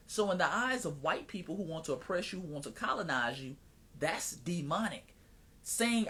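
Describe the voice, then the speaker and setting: Male live-stream host, slightly high pitch, animated preacher-like cadence, mocking asides. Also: normal speed, husky. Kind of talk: casual live-stream commentary.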